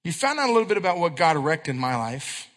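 A man preaches in a church hall, and his voice is high and bright. He tells stories with quick asides and acts out the quotes, while a long reverb trails after each line. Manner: animated storytelling with quick asides and acted quotes. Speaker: youth pastor. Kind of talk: sermon.

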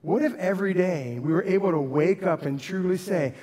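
A man's voice: high-pitched, expressive, moderate pace, few pauses, warm tone, breathy edge, big-room sound. A man preaching a sermon as pastor, earnest, rising and dropping his voice for emphasis. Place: church sanctuary.

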